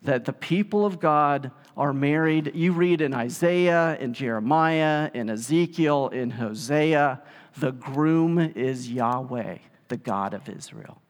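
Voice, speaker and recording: An animated man preaching, his voice sitting a little high for a man. He acts out the people he quotes. His words ring with a long reverb, as if he stands in a large hall. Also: takes it slowly. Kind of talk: sermon.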